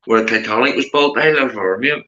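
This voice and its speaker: A man's voice: a little fast, echoey room, dull audio. A man from Northern Ireland with a Belfast accent, hosting a casual livestream chat and calling everyone mate. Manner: chatty, keeps saying mate, animated rises in pitch. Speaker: livestream host.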